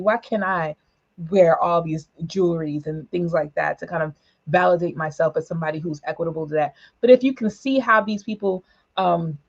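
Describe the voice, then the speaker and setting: Woman w a gravelly lowish voice going off in a political talk, kinda lo-fi sound. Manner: emphatic, with asides and short laughs. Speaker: panelist for a women's political organization. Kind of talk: political broadcast discussion.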